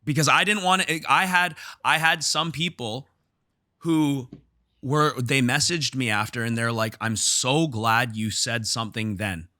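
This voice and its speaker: A man's voice: medium pitch, measured pace, bright, forceful tone, no room sound, clean studio sound. A man hosting a podcast, telling a story from his gym in a casual, heated way, restarting his sentences. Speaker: podcast host and gym owner.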